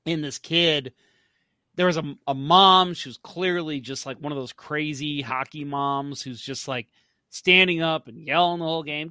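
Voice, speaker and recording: A man hosting a hockey podcast, telling stories in a casual, animated way and laughing often. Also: a little high, moderate pace, dry recording. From St. Louis area. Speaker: podcast host. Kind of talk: casual chat.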